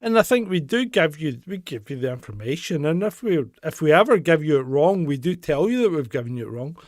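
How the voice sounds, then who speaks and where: A man co-hosting a casual news chat show, opinionated and quick to laugh. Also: fairly high pitch, sing-song, no echo, studio quality. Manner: chatty, opinionated, laughs often. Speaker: co-host.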